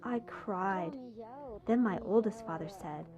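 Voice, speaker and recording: Female voice-over translator, first-person storyteller, animated, middle pitch. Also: slow, lo-fi sound, a crowd in the background. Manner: animated storytelling, voicing quoted people.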